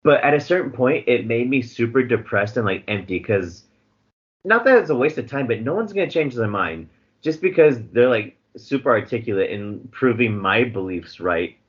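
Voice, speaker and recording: A man's voice: medium pitch, lively intonation, normal speed, breathy edge. A man as a podcast guest in casual chat, blunt and sardonic, swearing freely. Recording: dull lo-fi podcast audio.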